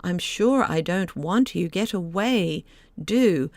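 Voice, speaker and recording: A woman narrator voicing an eager little boy who calls out loudly in a children's storybook. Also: lowish voice, expressive, slow, dry recording. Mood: calling. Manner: raised, calling voice.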